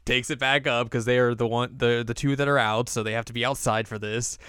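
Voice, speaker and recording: A man's voice: medium pitch, steady tone, fairly quick, bright, forceful tone, clean tone, no room sound. A young man hosting a podcast, casually recapping an episode and acting out lines in silly voices. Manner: chatty, acts out quotes in silly voices. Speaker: podcast host.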